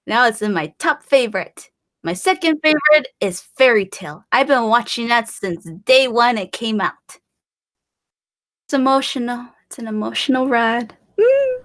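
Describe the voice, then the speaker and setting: A woman's voice: a little high, unhurried, fairly bright tone. Bubbly, giggly young woman from Illinois. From Illinois, USA. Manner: bubbly and giggly, acts out voices in her stories. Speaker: interview guest. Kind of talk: casual chat.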